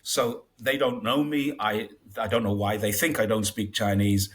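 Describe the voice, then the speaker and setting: A man in his sixties, originally from Britain, talks through everyday life in a relaxed interview. His voice sits fairly low. He breaks into brighter, higher snippets when quoting others. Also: normal speed. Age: 60s. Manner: chatty storyteller, acts out dialogue in raised voices. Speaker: guest. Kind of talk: casual interview chat.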